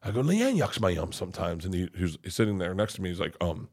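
A man's voice: sits low, quick pace, husky. A middle-aged man, a comedian, telling a rambling comic story as a podcast guest, swearing freely and acting out the voices of the people in it. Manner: animated, swears freely, acts out quoted voices.

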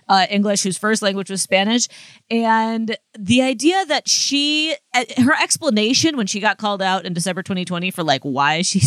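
A woman co-hosting a casual gossip podcast, animated and rambling, laughing often. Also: mid-range voice, no room sound. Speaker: podcast co-host.

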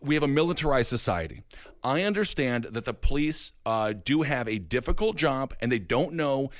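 A man's voice: medium pitch, expressive, moderate pace, dry recording. A man from Wisconsin hosting a political talk show, making emphatic points and repeating them for effect. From Wisconsin, USA. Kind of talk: political commentary chat.

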